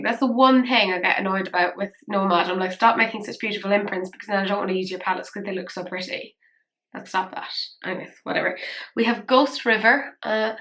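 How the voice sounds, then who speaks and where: A young woman reviewing makeup in a casual, rambling, self-mocking way, a little breathless and quick to gasp with excitement. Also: mid-range voice. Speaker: beauty vlogger.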